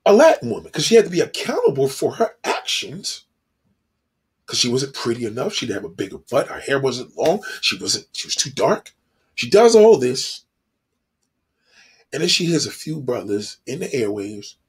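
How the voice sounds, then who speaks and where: A man delivers a heated, profane monologue in a husky, high voice. His pitch swings widely, and he hammers each point with emphatic insistence. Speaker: commentator.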